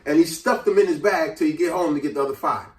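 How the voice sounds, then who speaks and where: A man's voice: a little high, fast talker. A man telling a fable and giving life advice in casual chat, acting out the characters as he goes. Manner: animated storyteller acting out characters' voices. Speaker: host. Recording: echoey room, mic at a distance.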